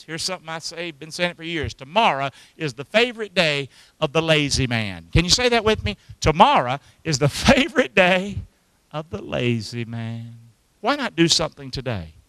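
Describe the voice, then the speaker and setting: A male pastor preaching a sermon, calling on the congregation to repeat after him and swinging between loud emphasis and hushed lines. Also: on the high side, no room sound, rough recording. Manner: calls for congregation responses, animated preaching.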